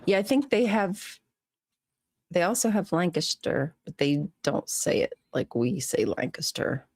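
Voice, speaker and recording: Giggly low-voiced woman co-host. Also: big pitch swings, a little slow, darkish tone, dry recording. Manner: giggly, playful banter. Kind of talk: casual live-stream chat.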